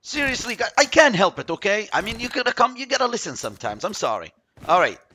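A man giving chatty, excitable commentary while playing a shooter game, yelping when surprised. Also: high voice, fast talker. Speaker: mobile game streamer.

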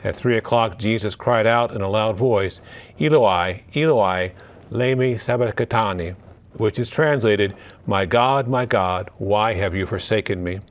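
Priest, male, lowish voice, measured Gospel reading and homily with occasional restarts.

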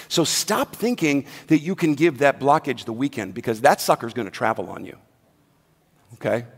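A pastor delivering a sermon in a casual, conversational way, swinging from hushed asides to loud, emphatic points. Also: male voice, a little high. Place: church sanctuary. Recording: long hall reverb, faint music behind.

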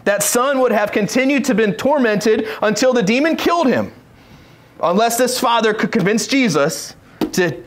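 A male pastor giving a sermon, reading scripture aloud and acting out the pleas of the people in the stories. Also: high voice. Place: church sanctuary.

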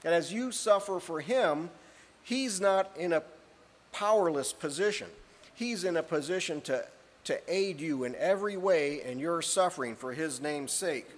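A man preaching an earnest sermon, reading scripture aloud and often clearing his throat. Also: a little high, lively intonation, moderate pace. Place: church hall. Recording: long hall reverb.

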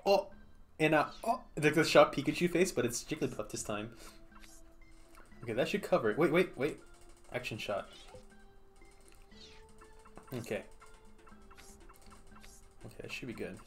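A man's voice: mid-range voice, animated, measured pace, pauses often, soft background music. A man streaming a game, chatting casually and playfully, laughing often and talking to the creatures on screen. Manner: playful, giggly, talks to the game. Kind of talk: casual gameplay commentary.

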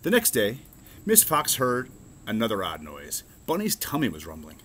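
Man reading a kids' picture book aloud, lively and expressive. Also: lowish voice, moderate pace, slight background noise. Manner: expressive, storytelling. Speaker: reader.

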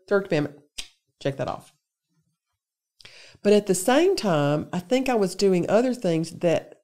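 Low-voiced woman teaching scripture. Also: warm tone. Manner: conversational, earnest, lists examples with emphasis. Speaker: women's day speaker. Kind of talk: Bible lesson talk to women.

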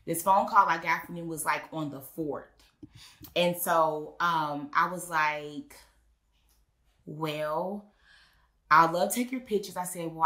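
A woman, a wedding officiant and business owner, telling stories in an interview and acting out the voices she quotes. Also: on the low side. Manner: animated storyteller, acts out quoted voices. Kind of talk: casual interview storytelling. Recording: echoey room.

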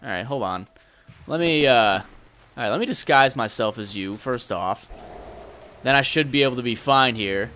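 Fluchender junger Mann beim Zocken. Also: male voice, mid-range voice, normal speed, pauses often, soft background music. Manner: excitable, swearing, thinking aloud. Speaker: gameplay commentator. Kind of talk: casual gameplay commentary.

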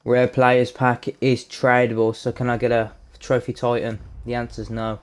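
A young man commentating his own football video game, sweary, excitable and full of jokey banter. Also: mid-range voice, normal speed, clean tone. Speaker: gaming YouTuber. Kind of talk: live gameplay commentary.

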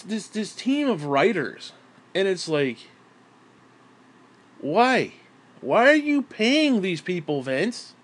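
A man delivering an exasperated, profanity-laden solo rant, sighing and swinging between yelling and muttering. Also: sits high, slightly rough. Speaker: wrestling commentary YouTuber.

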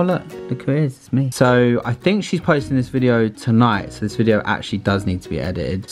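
A middle-aged man from Britain, a vlogger dad chatting casually and teasing in a dry way. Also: medium pitch. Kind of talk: casual vlog chat.

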